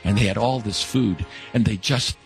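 A man telling an inspirational story in an earnest way, slowing down for emphasis. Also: fairly low pitch, vocal fry, faint music behind.

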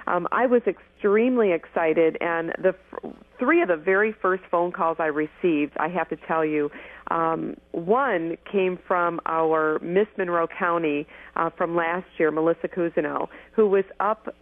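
A woman's voice: lowish voice, a little slow, dry recording. A woman in her forties from Michigan, a guest telling stories in an eager rush, often restarting her sentences. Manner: eager, tumbling phrases with frequent restarts. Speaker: guest, former pageant winner. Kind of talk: animated storytelling interview. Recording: tinny phone line, dry.

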